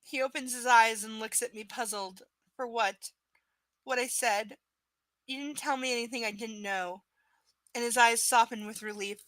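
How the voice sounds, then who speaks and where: A woman with a high, sharp voice reads a book aloud and keeps cutting in with scornful, swearing commentary. The sound is close and dry, with no room around her. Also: fairly even intonation, moderate pace, no room sound. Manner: sarcastic, profane, exasperated asides. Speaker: live book reader. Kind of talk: live reading with ranting commentary.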